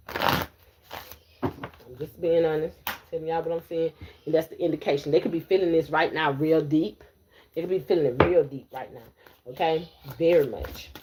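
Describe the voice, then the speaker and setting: A woman reads tarot live for her viewers, blunt and repetitive. Her voice sits a little low for a woman. A faint hiss runs under the recording. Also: darkish tone. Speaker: tarot reader.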